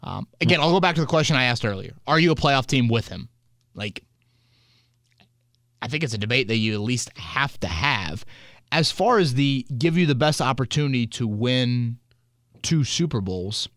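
A man's voice: mid-range voice, animated, normal speed, a bit bright, no room sound. Guy hosting a sports pod, rambly and casual, dry close mic. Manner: conversational, hypothetical rambling. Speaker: podcast host.

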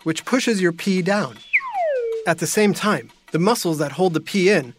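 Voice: mid-range voice, unhurried, music in the background. A host of a kids' science show, explaining things in a friendly way and talking straight to the listener.

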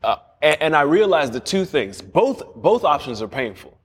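Man, interview guest, casual storytelling, animated, restarts sentences, echoey room. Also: a little high, moderate pace, slightly rough. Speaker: guest, series creator.

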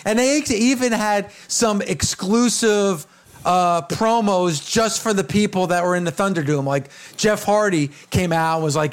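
Man, high-pitched, talk show co-host, casual chat, emphatic storytelling. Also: lively intonation, normal speed. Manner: emphatic storyteller, acts out quotes.

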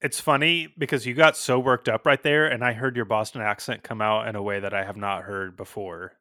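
A man's voice: on the low side, fairly even intonation, a little fast, pushed and bright, no room sound. Dry-sounding rambling male podcast host. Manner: rambling, lots of ums and restarts. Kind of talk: casual podcast chat.

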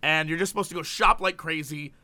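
A young man in casual comedic chat with a friend, animated and jokey, rambling with restarts. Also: a little high, fairly quick. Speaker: co-host.

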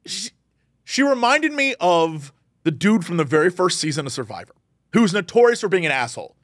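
A man co-hosting a casual podcast, ranting in an animated way and jumping into quoted voices. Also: sits high, brisk, no echo, studio quality. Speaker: podcast co-host.

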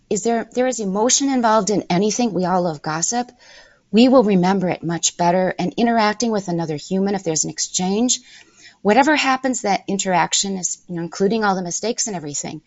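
A middle-aged woman giving measured, emphatic interview answers and laying out her points in order as a language-learning guest. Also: mid-range voice, darkish tone, dry recording, lo-fi sound.

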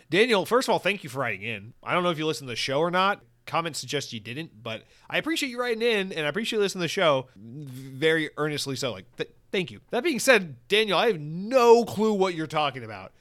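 A man's voice: a little high, a little fast, few pauses. Ranting, profane young male podcast host. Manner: rambling, profane, animated rants. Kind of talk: casual podcast monologue reading listener comments.

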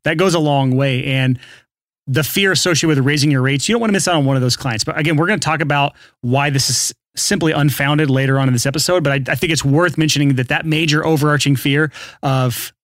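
A man co-hosting a podcast, steering the chat and setting up each new topic in a relaxed way. His voice sits a bit on the higher side for a man and sounds dry and close to the mic. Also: quick pace, dry recording. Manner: steers the talk, sets up topics. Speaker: podcast co-host.

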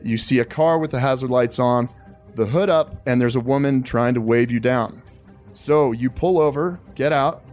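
A man's voice: mid-range voice, a little mellow. A man hosting an interview, politely calling his guest sir and telling a survival scenario step by step. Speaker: podcast host.

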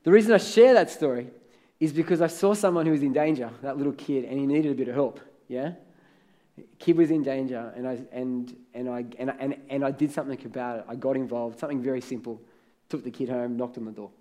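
A man's voice: mid-range voice, steady tone, brisk, mellow. A man preaching a sermon as pastor, conversational, telling stories and building to emphatic peaks.

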